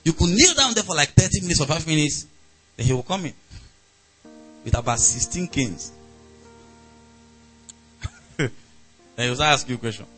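A man with a Nigerian accent preaching a sermon, animated and acting out quoted voices. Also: fairly high pitch, normal speed, pauses often, soft background music. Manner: animated preaching, acts out angry voices, laughs. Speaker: pastor.

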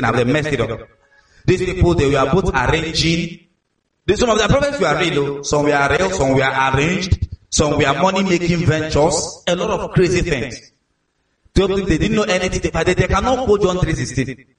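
A man with a Nigerian accent preaching a sermon, telling stories in a lively way that repeats words. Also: on the high side. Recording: echoey hall from far off.

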